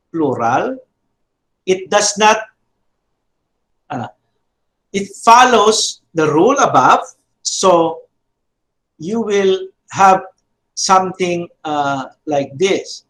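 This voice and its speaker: A middle-aged man teaches a class, his fairly high voice unhurried and full of pauses and fillers. He drills examples by repeating them over and over. His voice echoes around the room. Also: very animated, fairly bright tone. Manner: slow, halting explanation with frequent fillers and repeated drills. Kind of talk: classroom lecture.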